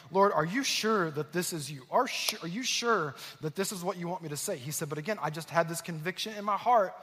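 A man's voice: high-pitched, fairly bright tone, breathy edge. A man preaching a sermon as a pastor, telling a story and acting out the voices of the people in it. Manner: storytelling, acting out quoted voices with rising intensity. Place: church auditorium. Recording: long reverb in a large hall.

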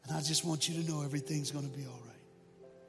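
A man voicing a kindly, forgiving older man who speaks in a high, bright, welcoming way. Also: steady tone, fast talker, natural voice. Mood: tender. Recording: long hall reverb, faint music.

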